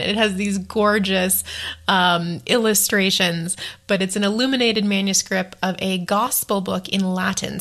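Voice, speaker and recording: A woman's voice: medium pitch, fairly bright tone. A young woman talking through travel tips in a casual vlog, chatty and laughing often, with self-deprecating asides. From United States. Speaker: travel vlogger.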